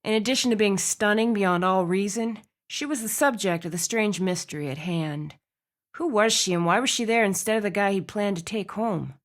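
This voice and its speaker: A woman reading a romance novel aloud as audiobook narrator, with expressive storytelling. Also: mid-range voice, normal speed. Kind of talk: scripted narration.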